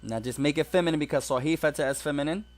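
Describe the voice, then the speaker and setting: Male teacher, slightly high voice, patient step-by-step classroom explanations. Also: racing. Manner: explains step by step, mixing English and Arabic examples. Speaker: Arabic teacher. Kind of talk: classroom grammar lesson.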